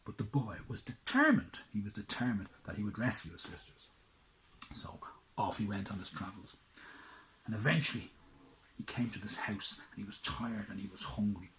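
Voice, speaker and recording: A man tells a children's tale in a low, hushed voice. He builds drama by dropping into whispers and then rising for the big moments. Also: animated, moderate pace, slight background noise, low-quality recording. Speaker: storyteller. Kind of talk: children's storytelling.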